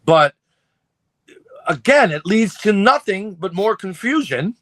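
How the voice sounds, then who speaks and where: A man in a casual podcast chat, recounting scenes with loose, profane energy. His voice sits a bit high, and the sound is dry and close, with no room in it. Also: slow, dry recording. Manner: profane, animated storytelling. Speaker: podcast co-host.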